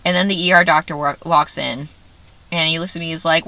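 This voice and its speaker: A woman with a low-pitched yet bright, forward voice tells a personal story in a casual vlog. She talks in an animated, self-mocking way and keeps quoting her own inner voice. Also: a little fast, low-quality recording. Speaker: vlogger.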